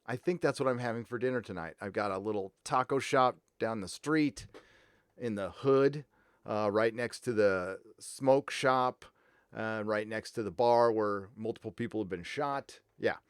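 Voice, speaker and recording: A man's voice: fairly low pitch, moderate pace, smooth, dry recording, studio quality. A man hosting a casual live stream, rambling between news and reading out viewer donations. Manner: rambling, reads donor messages aloud.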